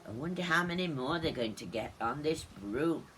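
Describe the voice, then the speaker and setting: A woman teacher reading a picture book aloud, animated, pointing out the pictures as she goes. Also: deep voice, normal speed, slight background noise.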